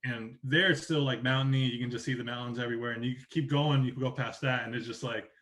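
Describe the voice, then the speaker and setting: A man's voice: medium pitch, fairly even intonation, fast talker, fairly bright tone. A man from Oregon chatting as a podcast guest, telling long rambling stories and acting out what people said. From Oregon, United States. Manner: rambling storyteller, acts out quotes. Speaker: podcast guest, soccer journalist. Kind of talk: casual interview chat.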